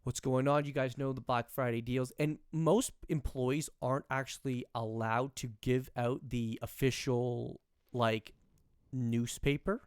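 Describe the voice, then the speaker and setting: A man's voice: mid-range voice, steady tone, unhurried, clear, resonant tone, dry recording, studio quality. A young man co-hosting a podcast, telling a rambling story in casual chat and acting out the people in it. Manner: rambling, restarts, acts out quoted people. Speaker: podcast co-host.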